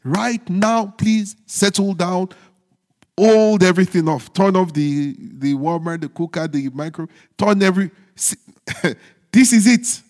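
The audio carries a long hall reverb as a male preacher works through his sermon. He leans slowly on certain phrases and sometimes murmurs low, teasing comments to the congregation.

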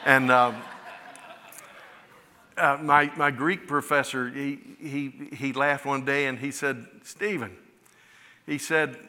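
A man's voice: medium pitch, little pitch movement, slow, long pauses, sharp tone. A middle-aged man from West Florida, preaching a sermon, often rising to emphatic, impassioned cries. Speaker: pastor. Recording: long hall reverb.

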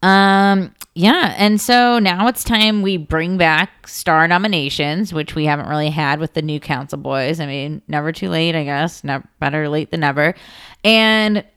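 A woman's voice: sits low, a little slow, a bit bright, smooth, no echo, clean studio sound. A woman co-hosting a casual recap podcast, chatting and acting out quotes. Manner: chatty, acts out quotes with voices. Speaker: podcast co-host.

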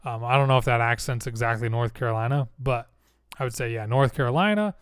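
A man's voice: medium pitch, level tone, fast talker, clean tone, dry recording. A man in casual chat, musing aloud in a rambling way that often breaks off mid-thought, with a dry mouth and a slightly congested nose. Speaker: streamer planning role-play characters.

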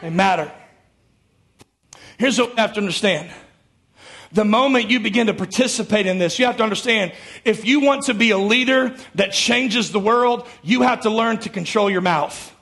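High-voiced gravelly preaching man. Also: moderate pace, a bit bright. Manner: emphatic preaching with call-and-response to the congregation. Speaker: pastor. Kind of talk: sermon. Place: church sanctuary before a congregation.

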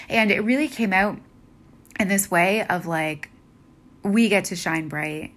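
A woman's voice: mid-range voice, measured pace, pauses often, fairly bright tone. A woman in her thirties giving an earnest motivational monologue, full of repeated affirmations and casual fillers.

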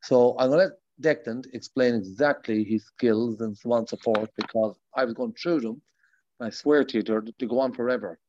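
A man's voice: mid-range voice, a little fast, darkish tone, slight background noise. A man hosting a podcast, talking in a loose, rambling way. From Ireland. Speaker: podcast host. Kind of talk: casual podcast interview. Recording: dull, lo-fi, dry sound.

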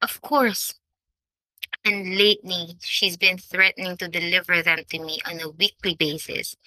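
A woman's voice: fairly low pitch, sharp tone, no room sound, low-quality recording. Woman voicing a wry young society lady. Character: quick-witted exasperated young lady.

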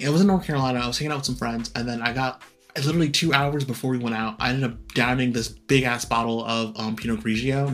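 Fast-talking young man telling stories. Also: mid-range voice, gravelly, fairly bright tone. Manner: fast storytelling, acts out quoted voices. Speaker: podcast co-host. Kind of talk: casual chat.

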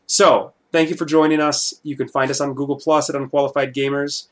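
A man hosting a casual podcast, sarcastic and deadpan with his co-host. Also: mid-range voice, a little fast.

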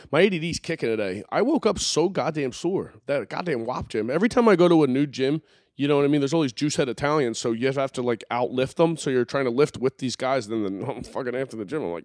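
A man's voice: medium pitch, darkish tone, no room sound, clean studio sound. A young man hosting a podcast from his living room, rambling and joking crudely in casual banter. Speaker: podcast host.

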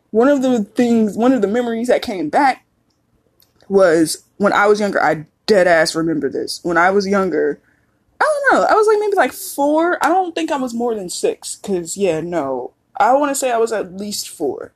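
A woman's voice: medium pitch, sing-song, normal speed, breathy edge. A woman in her thirties hosting a podcast, talking in a candid, profane, casual monologue and laughing often. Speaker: podcast host.

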